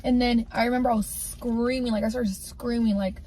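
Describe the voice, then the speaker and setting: A woman's voice: a little high, steady tone, moderate pace, warm tone, a little hiss or hum. A woman candidly telling a personal story in a casual storytime, rambling and filling her talk with "like". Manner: candid, rambling, heavy use of "like".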